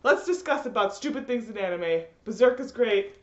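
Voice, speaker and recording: A woman ranting in a rambling, animated way, full of fillers, in a roomy, slightly dull recording. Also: a little high, moderate pace. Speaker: vlogger. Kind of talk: ranting commentary.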